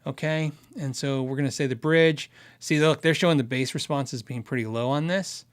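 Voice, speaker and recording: A man's voice: mid-range voice, a little fast, clean tone. A man hosting a casual livestream, answering viewer questions about gear in a chatty, rambling way. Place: Arizona.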